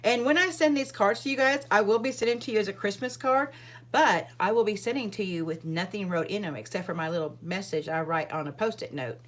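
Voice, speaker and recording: A woman's voice: medium pitch, brisk. A woman hosting a live card-making demonstration, chatting casually with viewers and rambling with many fillers and asides. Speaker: card-making livestream host.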